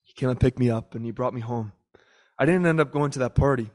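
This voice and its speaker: This young preacher has a medium-pitched, darkish voice and a quick pace. His sermon centers on a personal story, and he voices the people in it as he recounts their prayers and quotes.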